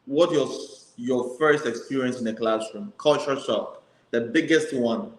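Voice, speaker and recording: A man interviews a guest in a relaxed, conversational way and prompts her with questions. His voice sits at a middle pitch, and it carries a roomy echo. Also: a little slow. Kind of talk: casual interview.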